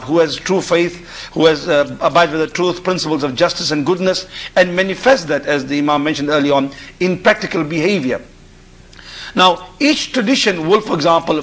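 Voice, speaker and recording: A man from Africa speaking as a guest on a call-in discussion show, pausing and restarting his phrases as he talks. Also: fairly high pitch, fairly bright tone, breathy edge. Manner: halting, repeats and restarts phrases. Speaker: panel guest.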